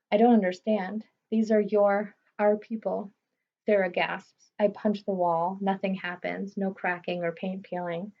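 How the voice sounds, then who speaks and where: A woman reading a first-person novel aloud in a steady, understated way. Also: medium pitch, creaky. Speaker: audiobook reader. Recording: slightly muffled recording.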